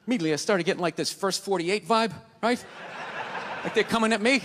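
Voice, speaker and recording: A man's voice: high voice, quick pace, a bit bright. A man with a Boston accent performing a stand-up comedy set, ranting and swearing as he acts out voices. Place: theater stage before a live audience. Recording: live theater with long reverb, faint ambience.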